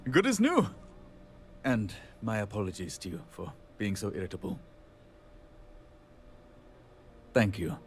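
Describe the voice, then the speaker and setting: A man's voice: fairly low pitch, slight background noise. An actor voicing a middle-aged male handyman in video game dialogue, wry and rambling, laughing at himself. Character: weary, punning, self-deprecating male station handyman.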